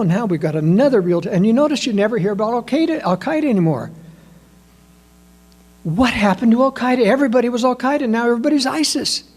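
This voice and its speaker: A man giving a political analysis talk, emphatic and full of rhetorical questions, addressing listeners as ladies and gentlemen. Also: high-pitched. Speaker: political commentator.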